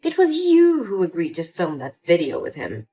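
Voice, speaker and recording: Woman doing a scheming older mother, dismissive, cold, animated delivery. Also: lowish voice, normal speed, pitched below the performer's own voice. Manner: sweet at first, then cold and dismissive. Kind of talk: scripted story voice acting.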